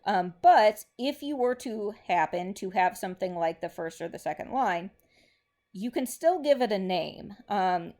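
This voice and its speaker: A woman's voice: mid-range voice, expressive, a little slow, a little mellow. A woman English teacher giving a recorded lesson, methodically explaining step by step while marking a board.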